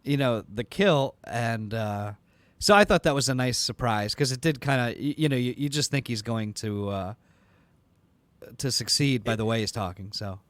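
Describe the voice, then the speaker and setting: A man's voice: mid-range voice, moderate pace, a bit bright, no room sound. A man co-hosting a podcast, chatting about a film in a wry, teasing, matter-of-fact way. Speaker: podcast co-host. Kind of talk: casual film review chat.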